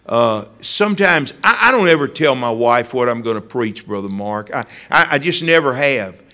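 A man's voice: medium pitch, animated, normal speed, sharp tone. A man preaching a sermon, telling stories and addressing listeners by name.

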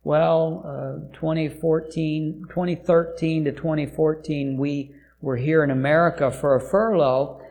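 A middle-aged missionary pastor giving a sermon testimony, telling an earnest story in a halting way and correcting himself mid-sentence. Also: male voice, a little high, steady tone, gravelly, a little mellow. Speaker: missionary pastor to a deaf church.

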